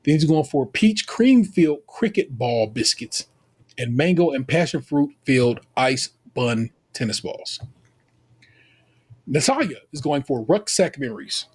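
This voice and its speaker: This American co-host talks in an unhurried, husky mid-range voice. Recapping a baking show on his podcast, he stays casual and animated, tossing out playful slang with a Southern lean, "y'all" included.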